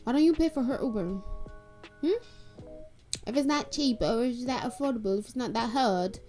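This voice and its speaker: A woman hosting a reaction video in chatty, expressive commentary, laughing often as she talks. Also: a little high, normal speed, soft background music.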